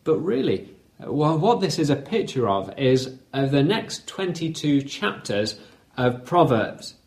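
A man's voice: on the high side, big pitch swings, a little slow. Man preaching with storytelling. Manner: storytelling with frequent fillers. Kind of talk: sermon.

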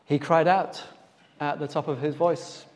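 A man preaching with a higher voice in a reverberant church. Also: fairly even intonation, a little slow, a little mellow. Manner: quizzing listeners to fill in missing words. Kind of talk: interactive Bible talk with congregation. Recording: long reverb of a church hall.

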